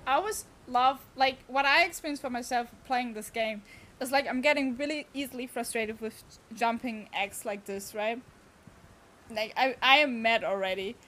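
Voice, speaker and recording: Her somewhat high, bright voice carries a forceful edge at a moderate speed, with a faint hiss or hum in the background. She's a young woman streaming gameplay, chattering casually, exclaiming, and addressing her chat.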